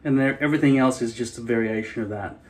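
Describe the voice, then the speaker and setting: Here the Australian city-accented hairpiece channel host talks at a quick pace in a medium-pitched voice. It's a casual vlog monologue, rambling and full of wry self-deprecation.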